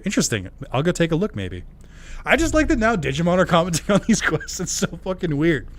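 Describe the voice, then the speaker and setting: A man's voice: on the high side, very animated, fast talker. Joking, rambling male game streamer. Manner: rambling, jokey, laughs often, swears. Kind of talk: casual game commentary.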